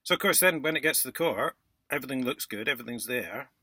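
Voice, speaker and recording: A man vlogging in a casual, indignant monologue, sarcastic, with loud outbursts and muttered asides. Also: medium pitch, lively intonation, fast talker, husky, no echo. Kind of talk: casual ranting monologue to camera.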